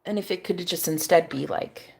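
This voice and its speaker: In a casual vlog, a young woman rambles along at a moderate pace in a creaky voice, swearing freely. Now and then she breaks into high, exclaiming rants.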